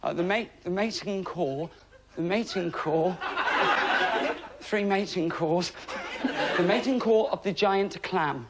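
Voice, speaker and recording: A middle-aged man from England doing a stand-up comedy routine, chatty and self-mocking, with deadpan asides to the crowd. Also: sits high, takes it slowly, long pauses. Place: TV studio before a live audience. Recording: loud studio audience laughter and noise.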